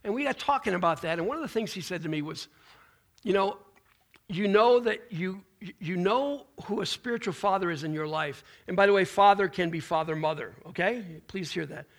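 High gravelly-voiced male pastor. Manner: informal preaching with restarts and folksy asides. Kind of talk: conversational sermon.

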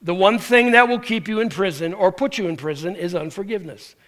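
In a high voice that runs a little fast, a pastor delivers a sermon of lively storytelling. He performs the people's lines as he goes and restarts often.

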